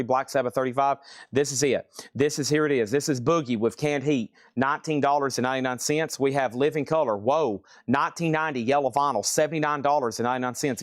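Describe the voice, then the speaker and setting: A man running a live online record sale and auction, calling out titles and prices in quick bursts with frequent exclamations of surprise. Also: medium pitch, no echo, clean studio sound. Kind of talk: live online sales stream.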